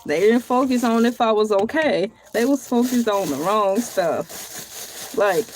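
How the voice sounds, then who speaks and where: A woman's voice: fairly high pitch, lively intonation, unhurried, darkish tone, a little hiss or hum. A woman vlogging on her own, reading aloud and joking with viewers in a playful, theatrical way, laughing often. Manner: colloquial, addresses viewers as y'all. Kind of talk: casual solo vlog, reading aloud and joking.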